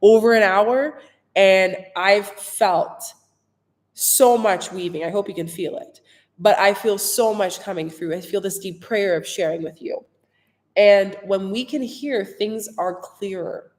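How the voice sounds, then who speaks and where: A woman's voice: medium pitch, a little slow, big-room sound. A woman who works as a spiritual healer, chatting casually on a livestream in a dreamy, rambling way, full of "like" and small laughs. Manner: dreamy, rambling storyteller with frequent laughs and "like" fillers. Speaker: spiritual healer and retreat guide.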